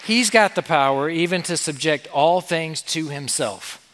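A man preaching a sermon, shifting from quiet, tender passages to loud, rising emphasis. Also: on the high side, a little slow, long reverb tail.

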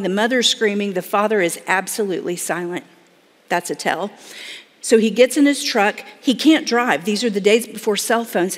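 Woman storytelling in an echoing hall. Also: medium pitch. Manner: dramatic, acts out quoted voices. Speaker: speaker telling a story to an audience. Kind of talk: emotional storytelling talk. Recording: long hall reverb.

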